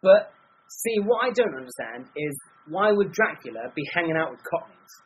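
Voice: medium pitch, normal speed, a little hiss or hum, poor audio. A podcast co-host in casual chat, ranting about a bad film with acted-out quotes. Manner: animated, rambling film rant with acted-out quotes.

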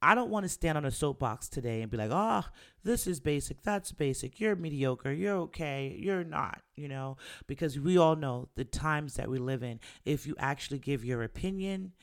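A man's voice: mid-range voice, a bit bright. A man who makes music, talking casually and candidly in a monologue, swearing freely and acting out what friends said. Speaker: musician, rapper.

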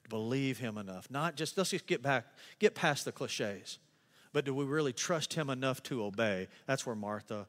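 A man preaching a sermon as pastor, animated, acting out the people in his story in a raised voice. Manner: animated preaching, acts out quotes in a higher voice. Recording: long reverb of a large hall.

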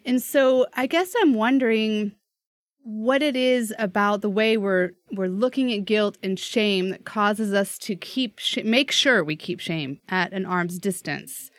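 A woman from the United States puzzles over an idea in casual conversation, thinking it through as she speaks. Her voice sits at a middle pitch and sounds dry and close. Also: a little slow, no echo. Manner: thinking aloud, questioning. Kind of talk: casual discussion.

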